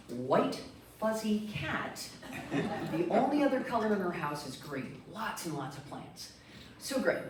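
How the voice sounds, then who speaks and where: A middle-aged woman from Michigan tells a personal story to a meeting group, animated and chatty, slipping into the voices of the people she quotes. She stands some way off the microphone, and the room around her is strongly echoey with a faint hum of noise. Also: sits low. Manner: lively, animated, acts out quotes. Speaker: guest speaker. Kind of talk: storytelling talk. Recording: echoey room, distant mic.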